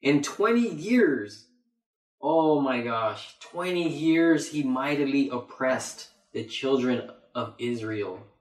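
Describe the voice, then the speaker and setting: A man's voice: mid-range voice, animated, takes it slowly. A man preaching a Bible sermon, emphatic and repeating his phrases for weight. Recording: roomy echo.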